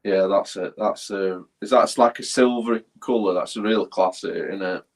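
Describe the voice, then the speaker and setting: A male guest on a live-stream chat, heard over a video call. His voice sits a little low. He talks in an easygoing way and laughs along with the host. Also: steady tone, normal speed.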